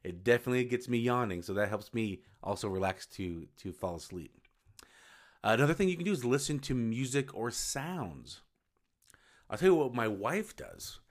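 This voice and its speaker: A low-voiced man talks through his solo podcast in a loose, unscripted way. He wanders, restarts phrases and fixes his own words as he goes. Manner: rambling, self-correcting, informal. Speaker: podcast host. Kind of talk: casual solo podcast talk.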